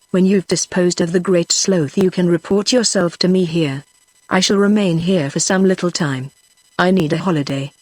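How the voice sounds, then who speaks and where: A woman's voice: on the low side, dry recording, close to an everyday voice. Older man, pompous and official; synthetic woman reader, storybook quest-giver. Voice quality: even synthetic voice. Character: pompous old man, Mister Noah, briefing a boy.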